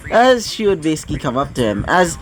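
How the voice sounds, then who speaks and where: A man improvising a fan-fiction story narration in a halting way, full of fillers and self-corrections. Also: fairly high pitch, big pitch swings, poor audio.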